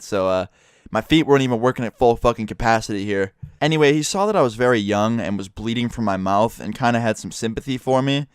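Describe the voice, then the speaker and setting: A man's voice: mid-range voice, clean tone, dry recording. A young man telling a rambling, self-mocking story with lots of swearing, speaking into a close mic. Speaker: YouTuber. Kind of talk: casual storytelling vlog.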